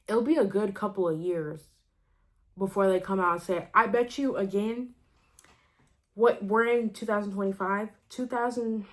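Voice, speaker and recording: Rambling, animated young woman ranting. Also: medium pitch. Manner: animated, rambling, many "like" fillers and self-interruptions; laughs between phrases while ranting. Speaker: vlogger. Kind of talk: casual rant to camera.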